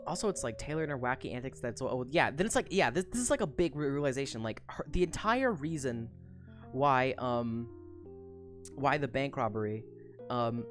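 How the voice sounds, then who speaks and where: A young woman streamer retelling a book in casual chat, profane, rambling and animated. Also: very deep voice, normal speed, soft background music.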